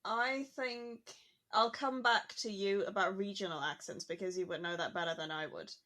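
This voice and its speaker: A woman's voice: mid-range voice, normal speed, bright, forceful tone. A woman talking casually on a podcast, musing aloud with lots of "like" fillers. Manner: chatty, musing, frequent "like" fillers.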